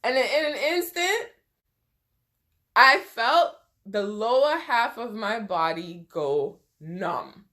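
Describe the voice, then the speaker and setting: A woman's voice: a little high, a bit bright. Tearful young woman telling a storytime. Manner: emotional, tearful retelling with quoted dialogue. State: close to tears. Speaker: vlogger. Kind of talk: storytime vlog.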